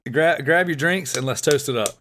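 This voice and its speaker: Laid-back podcast host, rambling. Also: male voice, fairly high pitch, moderate pace, a bit bright, slight background noise. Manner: rambling, laughs often, many fillers. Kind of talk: casual chat.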